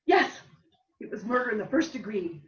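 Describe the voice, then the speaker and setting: A matter-of-fact older small-town woman owning up to an old killing, read by a woman in a plain voice pitched a little high. She sounds distant and roomy, with a dull, muffled tone. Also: big pitch swings, normal speed. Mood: calm.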